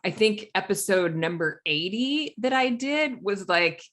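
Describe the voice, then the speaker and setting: A woman hosting a podcast interview, chatty and quick to laugh. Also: medium pitch, animated, fairly bright tone. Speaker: podcast host. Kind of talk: conversational interview.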